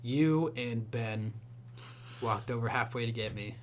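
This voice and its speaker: A man's voice: medium pitch, measured pace, a little hiss or hum. A young man co-hosting a podcast in casual chat, telling a rambling story full of "like" and fillers. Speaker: podcast co-host.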